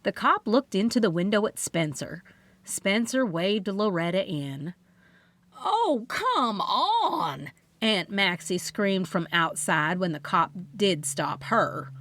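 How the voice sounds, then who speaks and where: A woman reading first-person audiobook narration in a lively, expressive voice on a close microphone. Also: on the low side, a little slow, dry recording.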